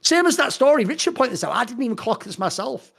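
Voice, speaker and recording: A man's voice: very high voice, very animated, fast, creaky, a bit bright. A British man on a podcast, ranting in a heated, profane, mocking way, often slipping into impressions of other people. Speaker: podcast co-host. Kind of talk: heated casual podcast rant.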